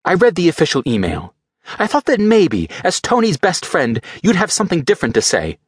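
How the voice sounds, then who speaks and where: A man reading an audiobook, voicing an angry, determined young woman executive in a sharp, bitter tone. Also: fairly high pitch, huge pitch swings, fairly quick, breathy edge, no room sound, clean studio sound, pitched above the performer's own voice, exaggerated voice.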